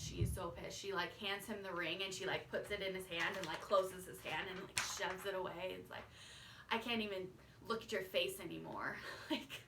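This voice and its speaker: A woman's voice: mid-range voice, bright, forceful tone, distant mic, slight background noise. A woman casually recapping a TV finale, rambling with lots of fillers and "like". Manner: rambling with many fillers and likes. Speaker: vlogger recapping a TV show. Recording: echoey room, off-mic.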